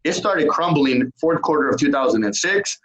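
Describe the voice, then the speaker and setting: A middle-aged man from California, a guest telling a story in a lively, casual way and acting out both sides of the exchanges. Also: fairly high pitch, moderate pace, low-quality recording. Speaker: guest, entrepreneur.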